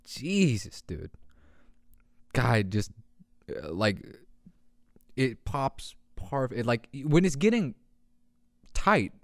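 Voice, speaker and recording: A young man hosting a casual podcast, excitable and laughing often, swearing and doing deep meows as he reacts to memes. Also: extremely slow, pauses often, no room sound, clean studio sound. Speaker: podcast host. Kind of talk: casual meme commentary. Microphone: handheld podcast mic.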